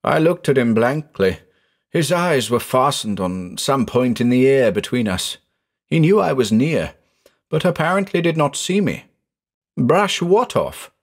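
Expressive male horror story narrator. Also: mid-range voice. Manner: measured, dramatic storytelling.

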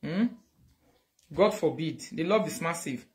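A woman with a Nigerian Pidgin English accent hosting a casual livestream, animated, thanking viewers loudly and switching into Pidgin. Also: sits low, a little slow, heavy background noise. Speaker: livestream host.

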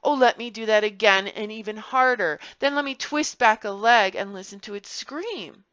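Brief: cruel little toddler taunting a puppy, put on by a woman, bright tone, dry, dull sound. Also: mid-range voice, moderate pace, no echo, lightly acted. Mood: gleeful. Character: cruel three-year-old taunting a puppy.

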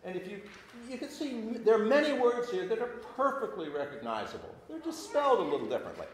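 A man's voice: high-pitched, fast. A man teaching an adult class, reading old verse aloud and explaining it in an informal lecture, often stopping and restarting. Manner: animated, stops and restarts often. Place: church classroom. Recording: echoey room.

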